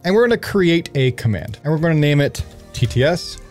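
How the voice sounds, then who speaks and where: A man streamer walking viewers through a software setup in a casual tutorial, upbeat and joking, with chatty asides. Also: on the high side, very animated, fairly quick, faint music behind. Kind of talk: casual screen-recorded tutorial.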